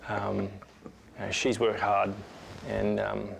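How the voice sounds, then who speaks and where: A young man from New Zealand, an injured soldier, talking plainly with halting fillers in a TV interview. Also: lowish voice, completely flat delivery, creaky, slight background noise. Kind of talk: TV interview recollection. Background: music underscore.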